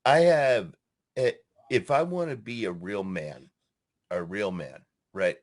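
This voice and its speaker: A man's voice: on the low side, takes it slowly. A man co-hosting a podcast in casual chat, emphatic and prone to repeating phrases and saying "dude". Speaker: podcast co-host.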